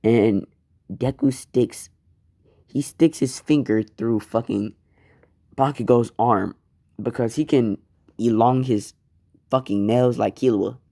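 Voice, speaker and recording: A man telling a fan story in a laid-back, rambling way, swearing now and then. His voice is dark and mellow, and he speaks unhurriedly. The sound is close and dry. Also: medium pitch, slow, vocal fry, pauses often, no echo. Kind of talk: casual fan-fiction storytelling.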